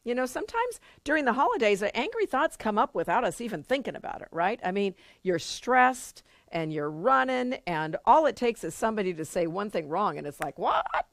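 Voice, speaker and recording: A woman's voice: mid-range voice, very animated, a little fast, vocal fry, few pauses, no echo. A middle-aged woman leading a spiritual study group in an earnest, conversational way, now and then acting out little quoted inner voices. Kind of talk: informal spiritual teaching to a live group.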